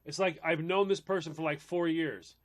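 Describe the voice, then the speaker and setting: A man's voice: on the high side, normal speed. A man co-hosting a casual podcast chat, telling a funny story and acting out voices, laughing often. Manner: animated, laughing, acts out quoted voices. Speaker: podcast co-host.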